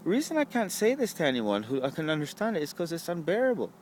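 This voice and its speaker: A man's voice: a little high, huge pitch swings, fast talker, darkish tone, slight background noise. A young man, rambling to the camera at a bus stop, swearing often and asking "right?" a lot. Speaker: vlogger.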